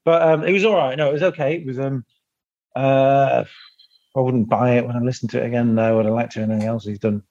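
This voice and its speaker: A man's voice: medium pitch, steady tone, quick pace, darkish tone. A man co-hosting a casual podcast, rambling and hesitant as he stops to think. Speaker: podcast co-host. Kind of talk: casual chat reviewing songs. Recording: muffled lo-fi mic.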